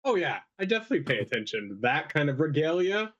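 A man's voice: fairly high pitch, sing-song, fast talker, fairly bright tone. A man playing a tabletop game, playful and bouncy. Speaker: player. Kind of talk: casual tabletop game play. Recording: slightly dull lo-fi mic.

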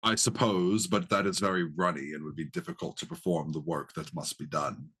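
A man voicing an eerie male cultist in a tabletop game, slow and formal in speech. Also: sits low, expressive, a bit bright, breathy edge, voice pushed down, full character voice. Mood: ominous.

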